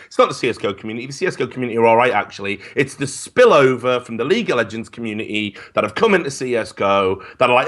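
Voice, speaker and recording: A man telling stories in casual podcast chat, animated and profane, often stammering as he starts. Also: medium pitch, quick pace, few pauses. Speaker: esports commentator guest.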